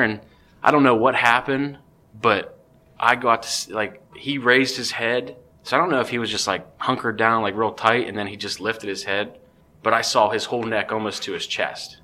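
A man, a podcast guest, telling a story in a casual, excitable way with many restarts. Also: medium pitch.

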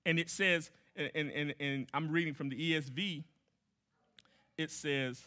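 A man's voice: fairly high pitch, fairly even intonation, a little slow, sharp tone. A man preaching a sermon as a guest pastor, emphatic, repeating key phrases and putting questions to the congregation.

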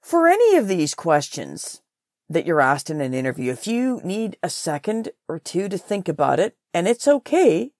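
A woman's voice: on the low side, normal speed, no room sound, clean studio sound. A woman from Canada, a career coach, giving direct, blunt interview advice on her podcast. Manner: direct, blunt, animated with laughs.

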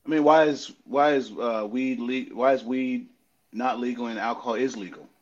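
A man talking in a casual chat, telling stories in an animated way and acting out hecklers. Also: normal speed, highs cut off. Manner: animated storytelling, acts out hecklers with big pitch jumps. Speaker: podcast host, former outfielder.

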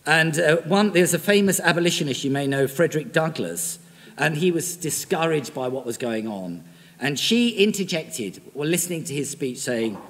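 Male preacher with a fairly high voice, emphatic and full of rhetorical questions, in a churchy hall reverb. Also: lively intonation, normal speed. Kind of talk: sermon. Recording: long reverb in a large hall.

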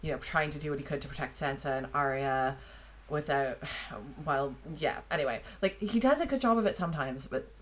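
Woman, very low voice, frank podcast co-host, casual swearing, wry chat. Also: brisk, fairly bright tone, rough recording. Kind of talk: casual book discussion.

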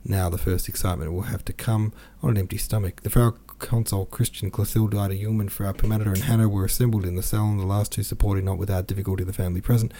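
A man reading a classic novel aloud for a podcast, with quick asides of his own between passages. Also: on the low side, level tone, mellow. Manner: reads with quoted dialogue and brief asides. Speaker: podcast reader.

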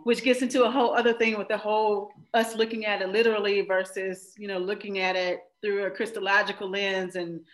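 A woman's voice: medium pitch, rough recording. Woman, mid-range voice, reflective, searching for words, video call. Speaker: guest. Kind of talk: casual faith conversation.

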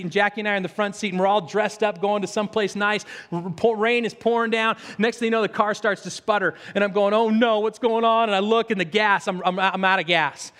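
A man preaching a sermon, telling stories earnestly and with animation, then leading a prayer. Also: high voice. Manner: earnest, animated storyteller with stammered restarts. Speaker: pastor. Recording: long reverb of a large hall.

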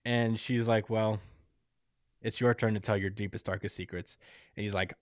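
A man in casual chat, recapping a story and acting out the characters' lines in quick voices, laughing often. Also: lowish voice, big pitch swings, no echo, clean studio sound. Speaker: podcast co-host recapping a manga chapter.

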